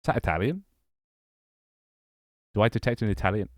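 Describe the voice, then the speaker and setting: A man's voice: lowish voice, animated, brisk, no echo, clean studio sound. A young man chatting casually on a livestream, rambling and repeating his phrases as he greets viewers. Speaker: streamer and game developer.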